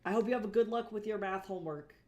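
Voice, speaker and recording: An artist streaming live talks with her viewers in a mid-range voice at a quick pace. The chat is casual, with free swearing and exasperated ranting.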